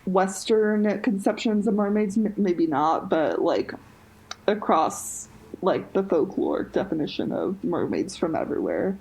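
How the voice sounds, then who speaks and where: A woman's voice: mid-range voice, animated, a little slow, vocal fry, darkish tone, breathy edge, rough recording. A woman co-hosting a podcast, telling a story in a casual chat full of "like" and "um". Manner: chatty, heavy use of "like" and "um". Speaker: podcast co-host.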